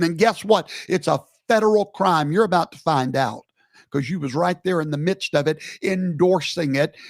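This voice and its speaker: High gravelly man, preaching-style. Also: dry recording, clean studio sound. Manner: emphatic, rhetorical questions, sweeping pitch jumps. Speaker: host. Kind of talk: animated preaching-style commentary.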